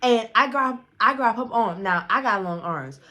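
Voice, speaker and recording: Profane, fast-talking young woman storyteller. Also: on the high side, lively intonation, pushed and bright. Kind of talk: casual storytime vlog.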